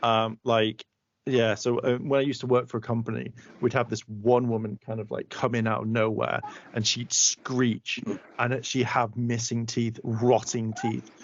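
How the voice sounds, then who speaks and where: A man co-hosting a podcast, telling a rambling story in casual chat and swearing freely. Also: medium pitch. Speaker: podcast co-host. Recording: dull, muffled audio.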